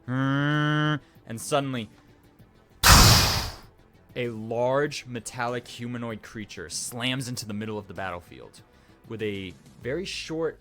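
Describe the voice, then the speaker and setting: A man narrating a tabletop game as dungeon master, rambling loosely and making sound effects. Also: mid-range voice.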